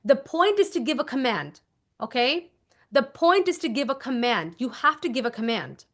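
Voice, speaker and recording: Woman, manifestation coach, a touch high-pitched, casual and emphatic, repeats her key instructions. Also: moderate pace. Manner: animated, acts out little scenes. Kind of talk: casual teaching monologue.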